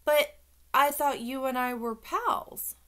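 A woman voicing a calm, patient male school principal in an audiobook. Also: sits high, slow, smooth, voice pushed up. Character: stern deep-voiced male school principal.

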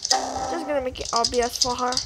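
A woman's voice: high voice, fairly even intonation, normal speed, loud music behind the voice, poor audio. A woman chatting casually to herself while playing a video game and commenting on each move. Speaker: gamer. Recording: loud keyboard clicking behind voice.

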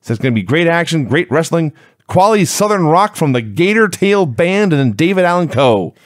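A man's voice: a little high, very animated, normal speed, no room sound. Dry, sarcastic male podcast co-host. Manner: dry, sarcastic play-by-play recap. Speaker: wrestling review podcast co-host. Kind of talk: casual chat, recapping.

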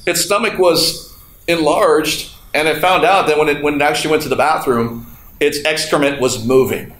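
A man preaching to a congregation, his slightly high voice carrying through an echoey hall. He tells stories with laughter and acts out what others said. Faint room noise sits underneath. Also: moderate pace, fairly bright tone. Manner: storytelling with laughter and acted-out quotes. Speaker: pastor. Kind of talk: sermon. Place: church hall. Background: congregation responding.

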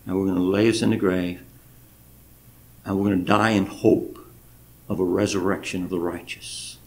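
A pastor, preaching a sermon and telling a personal story with emotion. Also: male voice, lowish voice, vocal fry, darkish tone. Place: church sanctuary.

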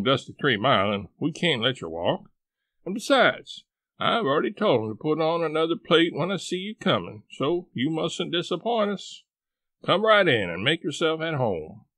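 A fiery older aunt from the country, as a male reader puts her on, snapping out indignant scolds in a lifted voice that swoops up and down. A gravelly edge runs under it, and the sound is close and dry. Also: on the high side, a bit bright, no room sound. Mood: pressing.

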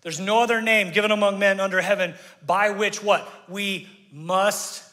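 A man preaching a sermon as pastor, conversational and energetic, leading the congregation in call-and-response. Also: high-pitched, normal speed. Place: church sanctuary. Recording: reverberant church hall.

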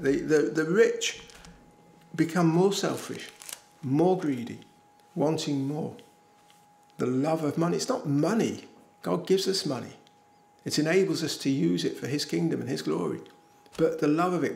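A man's voice: on the high side, creaky. An older man from England preaching an earnest, emphatic sermon in a small village church, repeating key phrases for weight. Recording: echoey church room.

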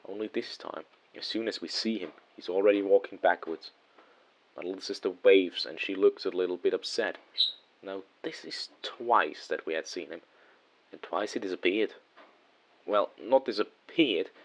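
A man telling a first-person horror story in a measured, hushed way, letting phrases trail off softly. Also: deep voice, rough recording. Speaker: narrator.

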